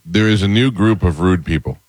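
A middle-aged man hosting a talk show, telling funny stories in an animated, chatty way and acting out the quotes. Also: sits low, fairly quick, dry recording. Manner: animated storyteller, acts out quotes. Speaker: radio show host. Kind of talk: casual storytelling chat.

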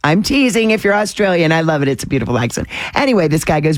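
A woman's voice: low voice, sing-song, fast talker, hardly any pauses, no echo. A woman radio DJ chatting casually on air, teasing and laughing easily. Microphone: studio microphone.

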